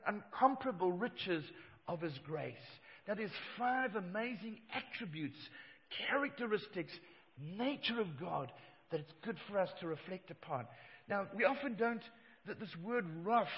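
Middle-aged male pastor, emphatic sermon delivery; high-pitched, recorded dull with long hall reverb. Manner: emphatic preaching, swings from loud to hushed. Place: church hall.

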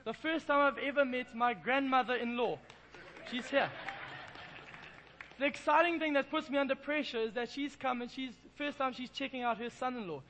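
English guy preaching in church, really high bright voice, jokey self-mocking story. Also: normal speed, slight background noise, poor audio. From England. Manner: self-deprecating, playful storytelling. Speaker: pastor. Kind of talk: sermon with humorous storytelling.

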